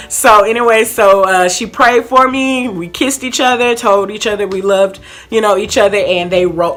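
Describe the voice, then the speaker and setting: A young woman telling a chatty storytime vlog, animated and full of fillers, acting out quotes as she goes. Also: fairly high pitch, normal speed. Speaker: vlogger.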